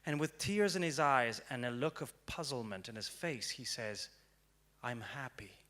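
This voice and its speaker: A young man giving a prepared storytelling talk on stage, dramatic and swinging from hushed to loud. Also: medium pitch, expressive, normal speed. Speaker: speaker. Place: stage before an audience.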